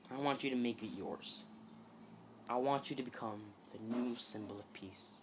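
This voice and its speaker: A man voicing an aging male hero mentor, speaking low, quiet and grave. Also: normal speed, background noise, natural voice. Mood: solemn.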